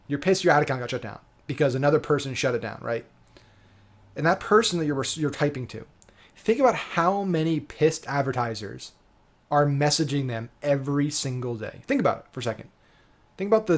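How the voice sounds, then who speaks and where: A man giving a casual, emphatic marketing lesson, often checking in with "right?" and swearing casually. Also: fairly high pitch. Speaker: digital marketing coach. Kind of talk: casual instructional talk.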